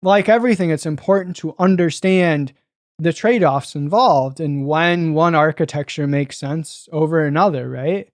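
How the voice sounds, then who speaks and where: A man hosting a casual tech podcast, talking quickly and laughing often, now and then putting on joking voices. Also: a little high, no room sound, clean studio sound. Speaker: podcast host.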